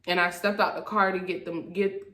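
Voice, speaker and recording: A young woman telling a storytime vlog in a casual, slangy, animated way, acting out the people she quotes. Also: fairly low pitch, moderate pace. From Florida, USA. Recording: echoey room.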